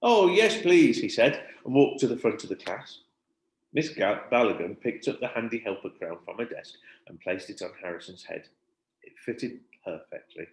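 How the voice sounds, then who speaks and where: A male primary school teacher reading a children's book aloud in an expressive storytelling manner. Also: on the low side, moderate pace. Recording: roomy echo.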